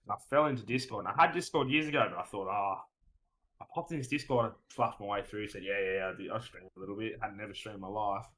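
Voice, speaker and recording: A man's voice: fairly low pitch, fast, fairly bright tone, rough recording. A man with an Australian accent, a streamer guest on a casual podcast, who rambles through his stories, swears freely and keeps saying "mate".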